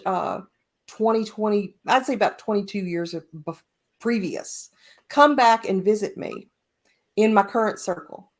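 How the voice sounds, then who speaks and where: A woman hosting a spiritual podcast, telling a personal story in casual talk, shifting between quick asides and slow, emphatic points. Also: mid-range voice. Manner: storytelling, speeds up and slows down, emphatic. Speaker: podcast host.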